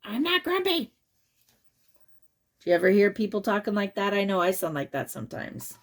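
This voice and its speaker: A woman's voice: medium pitch, quick pace. A woman reading a picture book aloud to children, chatting and asking them questions along the way. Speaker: children's story reader.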